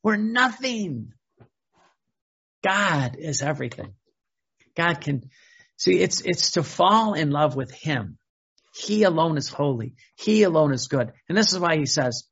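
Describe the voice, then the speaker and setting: A man's voice: fairly high pitch, gravelly, fairly bright tone, slightly rough, dull audio. A man who is a Catholic priest, preaching a sermon in a conversational way, often repeating words and acting out quotes.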